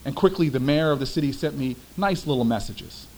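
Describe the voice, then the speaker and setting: A young man, a former city councilman, giving a storytelling speech with emphatic, animated delivery. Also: mid-range voice, fairly quick, breathy edge, poor audio.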